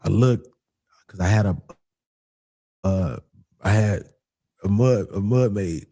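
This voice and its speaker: A man with a gravelly, husky voice tells a long story in a relaxed, casual way. He jumps up into other people's lines as he acts them out, and he keeps repeating phrases. His voice sounds close and dry. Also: fairly low pitch, takes it slowly, dry recording. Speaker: guest telling a personal story.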